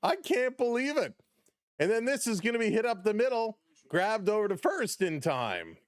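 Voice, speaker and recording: A man hosting a live baseball play-by-play stream, excitable on big plays, chuckling often and greeting chat viewers by name. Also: high voice, normal speed, dry recording.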